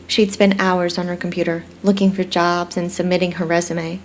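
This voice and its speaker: A woman narrating a first-person romance audiobook in a steady, reflective storytelling manner. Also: lowish voice, normal speed, slight background noise.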